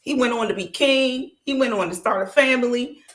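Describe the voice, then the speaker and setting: A woman's voice: on the high side, normal speed. Woman podcaster in an echoey room. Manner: animated, emphatic, colloquial, asks listeners rhetorical questions. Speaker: podcast host. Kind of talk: casual storytelling commentary. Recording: roomy echo.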